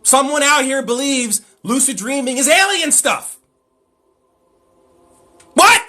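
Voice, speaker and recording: A man's voice: very high voice, very animated, slow pace, sharp tone. A man hosting a live stream, lecturing emphatically and with exasperation as he answers chat.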